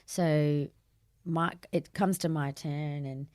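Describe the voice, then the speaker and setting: A woman in her thirties with an Australian accent, a podcast guest telling a story in casual chat, animated and acting out the people in her tale. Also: sits low, takes it slowly. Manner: animated, acts out voices in her anecdote, laughs often. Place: podcast studio.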